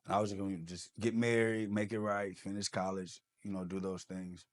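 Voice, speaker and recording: A man with a fairly low voice sits as a podcast guest and recounts his own life story. He tells it with lots of energy and jumps into the voices of the people he quotes. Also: moderate pace. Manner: animated, acts out quoted dialogue. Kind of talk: personal storytelling.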